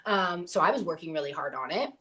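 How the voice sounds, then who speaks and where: A woman's voice: fairly low pitch, lively intonation, quick pace, sharp tone. A young adult woman talking candidly about her acting work as a guest on a review show, in a casual, filler-heavy way. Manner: candid and chatty, with many fillers. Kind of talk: casual chat.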